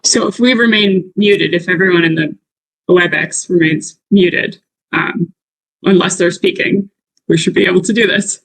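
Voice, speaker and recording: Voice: medium pitch, steady tone, normal speed, vocal fry, a bit bright, low-quality recording. A participant in a public meeting, speaking over a video call and reporting on how the sound comes through. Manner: plain, checking audio levels. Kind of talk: casual meeting talk.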